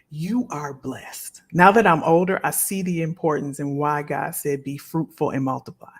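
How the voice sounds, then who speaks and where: A woman's voice: deep voice, normal speed. A middle-aged woman hosting a live stream, chatting casually and heartfelt with her viewers and often repeating phrases. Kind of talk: casual chat to a live audience.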